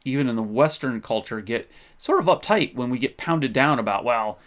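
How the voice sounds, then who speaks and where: A man's voice: mid-range voice, animated, normal speed, a bit bright. A man hosting a faith podcast, talking in an impassioned, conversational way with frequent restarts. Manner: impassioned, gets fired up. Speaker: podcast host. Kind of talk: faith-based history commentary.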